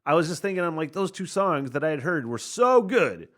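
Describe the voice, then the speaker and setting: A man hosting a podcast, reacting casually to a punk album, excitable and swearing often. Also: on the high side, brisk. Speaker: podcast host reviewing an album.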